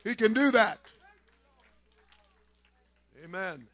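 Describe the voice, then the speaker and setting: High-voiced fervent preaching man. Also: lively intonation, extremely slow, a bit bright, no echo, clean studio sound. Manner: fervent preaching with repeated phrases and amens. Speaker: pastor. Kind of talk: sermon.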